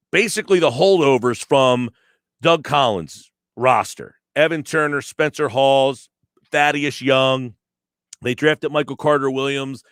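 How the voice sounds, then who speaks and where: A man's voice: fairly high pitch, a bit bright, dry recording, studio quality. A man hosting sports talk radio, ranting emphatically and sarcastically and mocking callers' complaints. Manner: emphatic, sarcastic, rants with mock quotes. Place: radio studio. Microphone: studio microphone.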